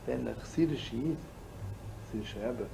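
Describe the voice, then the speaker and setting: A man's voice: medium pitch, normal speed, vocal fry. A man, a rabbi, telling stories in a live sermon, rambling and playful with asides, laughter and Yiddish words. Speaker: rabbi and storyteller. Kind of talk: storytelling sermon to a live audience. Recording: old live recording with loud hiss.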